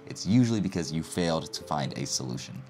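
A man in his thirties with an extremely deep voice, rambling easily through a casual talk-to-camera vlog, trailing into fillers as he goes. music plays clearly underneath him. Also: sing-song, fast talker, a little mellow. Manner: rambling, loose, filler-heavy storytelling. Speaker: physician vlogger.

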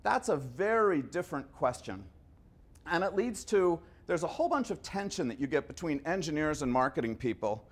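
Fifties male lecturer, somewhat high voice, chatty storyteller who trips over his words. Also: very animated, moderate pace. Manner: conversational, anecdotal, stumbles and repeats words. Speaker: guest lecturer.

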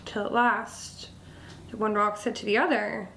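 A woman instructor telling a children's story, expressive and often dropping to a whisper. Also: mid-range voice, creaky. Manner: slow, expressive, drops to whispers. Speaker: nature school instructor. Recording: echoey room, faint background noise.

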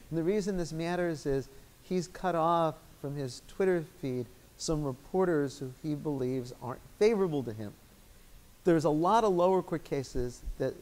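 A man with a Chicago accent answers audience questions at a lecture, explaining points of law in a measured, articulate way. His voice sits a little high for a man. The setting is a law school lecture room. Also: a little mellow. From Chicago, United States.

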